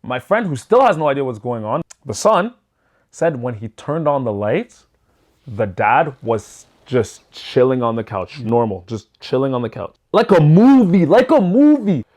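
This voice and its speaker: A young man telling a story in a casual vlog, animated and loose, swearing freely and acting out what people said. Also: medium pitch, a little slow. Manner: loose and profane.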